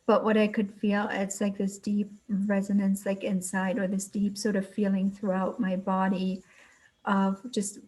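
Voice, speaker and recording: A woman speaking in a soft, reflective tone as she shares her own experience in a conversation. She gropes for words at times and laughs lightly at her own attempts to explain. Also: mid-range voice, monotone, measured pace, low-quality recording. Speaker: participant in a storytelling circle. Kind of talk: casual spoken reflection.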